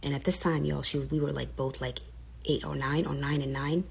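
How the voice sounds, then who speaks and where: A woman's voice: low voice, fairly even intonation, fairly quick, gravelly, husky. A young woman casually recounting a personal story, candid and frustrated, acting out the lines of family members as she goes.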